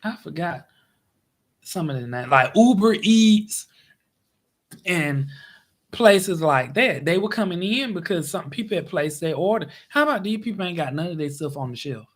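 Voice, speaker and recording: Male vlogger, casual storyteller, exasperated and lively. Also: moderate pace. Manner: animated, exasperated retelling with big pitch swings.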